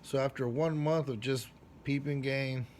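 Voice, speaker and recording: A man who works as a barber, casually telling a personal story in street slang, with profanity and lively acted-out quotes. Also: unhurried, slight background noise. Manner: animated, acts out quoted lines with big jumps in pitch and loudness.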